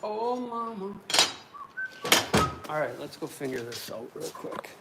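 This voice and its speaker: A man casually talking to camera while building cabinets, rambling and swearing, with loud groans and outbursts. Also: on the high side, big pitch swings, takes it slowly, very noisy. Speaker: woodworker vlogger. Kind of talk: casual workshop talk to camera.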